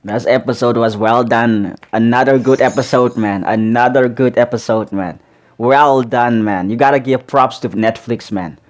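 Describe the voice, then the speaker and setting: A man's voice: mid-range voice, normal speed. A man hosting a reaction video, chatting casually, repeating himself and ending nearly every sentence with "man".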